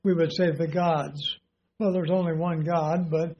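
A male preacher with a fairly high voice delivers a sermon at an unhurried pace. He teaches deliberately and poses rhetorical questions to his congregation. The recording sounds dull and lo-fi. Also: level tone, slight background noise.

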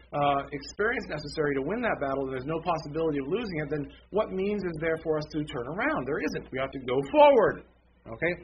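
A man's voice: a little high, dull audio, slight background noise. A man preaching a conversational sermon, with many fillers and self-corrections. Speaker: pastor.

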